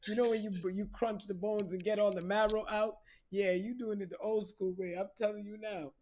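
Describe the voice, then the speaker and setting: A woman's voice: medium pitch, fairly even intonation, a little fast, a little mellow. A woman giving a casual spiritual reading, profane, playful and preachy. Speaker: spiritual reader.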